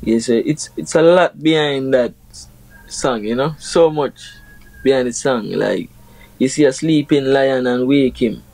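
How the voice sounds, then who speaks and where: A young Jamaican reggae artist talks in a relaxed, unhurried interview manner. His tone is mellow and dark, and his voice sits close and dry with no room around it. He explains ideas through proverbs, leaning on "you know" as he goes. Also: mid-range voice, gravelly, dry recording, poor audio. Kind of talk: casual interview talk.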